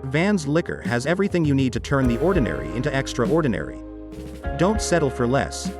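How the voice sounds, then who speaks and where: Man, radio ad announcer, salesy, lively pitch, music underneath. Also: a little fast. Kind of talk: scripted radio ad read.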